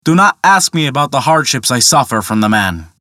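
A man's voice: mid-range voice, big pitch swings, brisk, pushed and bright, no room sound, studio quality. A man voicing a huge but cowed male camel lamenting his hard life in a fable. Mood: woeful. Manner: complaining, downtrodden.

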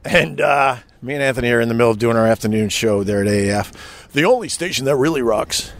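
A middle-aged man hosting a podcast, telling an old radio story in a profane, emotional, animated way. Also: medium pitch, a little fast. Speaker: podcast host and former radio host. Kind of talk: casual storytelling.

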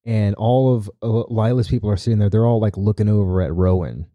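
A man's voice: on the low side, a little fast, no room sound, lo-fi sound. A man hosting a podcast, retelling a story in casual chat with many "right?" asides. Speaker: podcast host.

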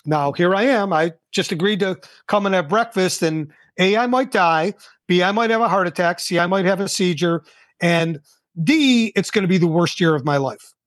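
Older male guest, animated storyteller, slightly high voice, dry close sound. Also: normal speed, dry recording. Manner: animated, acts out quoted dialogue. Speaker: guest, entrepreneur. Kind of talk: casual interview storytelling.

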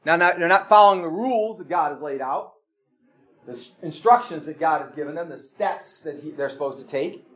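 A man's voice: on the high side, a little fast, fairly bright tone. A man preaching a sermon in a church, plain-spoken and earnest, asking his listeners pointed questions. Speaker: pastor.

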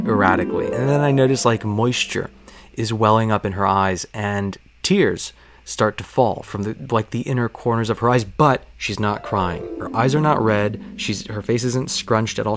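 A man telling a personal story about his job in a conversational, self-conscious way, using lots of fillers. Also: lowish voice.

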